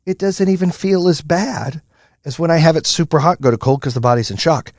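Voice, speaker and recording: A middle-aged man hosting a solo motivational podcast, telling stories in a profane, animated way with lots of fillers. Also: fairly high pitch, a little fast, no room sound, studio quality. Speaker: podcast host.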